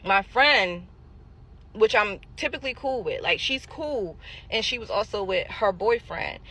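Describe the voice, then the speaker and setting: A woman's voice: mid-range voice, expressive, a little slow, pushed and bright. A woman telling her own story in a casual storytime monologue, emphatic and talking straight to her viewers.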